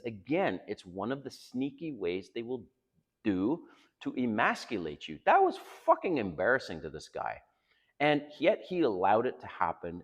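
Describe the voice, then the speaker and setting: A blunt, emphatic middle-aged man holding forth to camera. His low voice swings widely in pitch as he lectures, and it rings with a long reverb tail from the room he is in. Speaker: dating advice vlogger. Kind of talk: casual monologue to camera.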